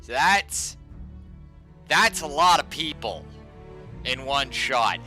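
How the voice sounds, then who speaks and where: A man's voice: medium pitch, sing-song, slow pace, pushed and bright, soft background music. A man streaming a game live, ranting sarcastically and swearing a lot.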